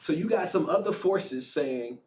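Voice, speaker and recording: A man, a spiritual advisor guest, retelling a story in a lively, slangy way with laughs. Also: fairly high pitch, measured pace, far from the mic. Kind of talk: animated storytelling in casual chat.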